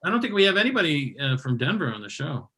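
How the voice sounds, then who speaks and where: Middle-aged male comedy host, bright tone, rowdy teasing banter. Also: fairly high pitch, big pitch swings, fast, husky, poor audio. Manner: loud, laughing, teasing banter.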